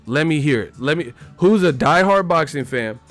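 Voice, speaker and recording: A man's voice: on the high side, expressive, normal speed, fairly bright tone, soft background music. A man giving a blunt, repetitive boxing rant on a live stream, full of profanity and emphatic asides. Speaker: boxing commentator.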